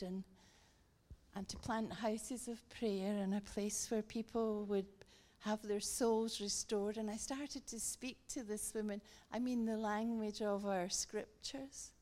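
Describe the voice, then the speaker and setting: A middle-aged woman giving a guest sermon, telling a story with animated emphasis and emphatic repetition. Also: medium pitch, a little slow. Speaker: guest speaker.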